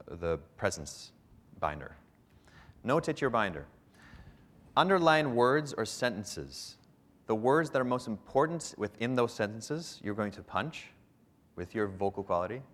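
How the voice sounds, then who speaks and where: Male workshop trainer, slightly low voice, emphatic instructional delivery to a live group. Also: fairly bright tone. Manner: emphatic, varies pace to stress points. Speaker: public speaking trainer.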